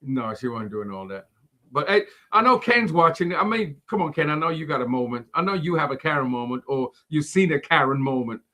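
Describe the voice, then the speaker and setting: A man co-hosting a faith podcast who talks in a relaxed, chatty way and laughs easily. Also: on the high side, fairly quick. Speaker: podcast co-host. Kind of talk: casual storytelling chat.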